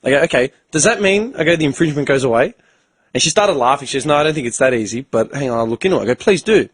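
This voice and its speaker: Husky Australian man telling stories. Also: medium pitch, rapid-fire, no room sound. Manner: profane, animated storyteller who acts out both sides of conversations. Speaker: podcast host. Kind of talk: casual storytelling chat.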